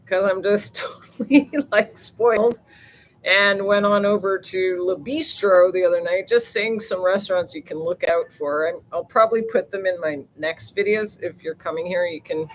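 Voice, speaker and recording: A woman's voice: medium pitch, moderate pace, slight background noise, rough recording. A woman with a mid-range voice chats loosely on a live stream, rambling from one thing to the next. She laughs often and swears lightly. She talks into a handheld phone outdoors by the sea. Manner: chatty and rambling, mild swearing, frequent laughs. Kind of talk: rambling casual live chat. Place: outdoors near the ocean.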